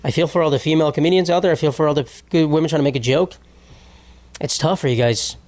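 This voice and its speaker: A young man with a slightly high voice talks on his own comedy podcast. He rambles from thought to thought, sarcastic and loose, with plenty of swearing. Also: fast talker, darkish tone. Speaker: podcast host. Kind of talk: solo comedy podcast monologue.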